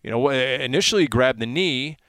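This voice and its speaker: A man working as a sideline reporter, chatting on a sports radio show and telling animated stories, his voice jumping up when he gets excited. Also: medium pitch, a little fast, no room sound. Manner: animated storytelling, voice jumps up in excitement.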